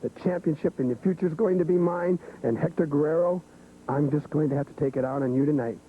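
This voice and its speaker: An arrogant male wrestler sneers insults and threats in a raised, fairly high voice. The audio is thin and phone-like, as on archival 1970s TV, with a faint hiss. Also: quick pace. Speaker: pro wrestler cutting a promo. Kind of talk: arrogant heel wrestling promo.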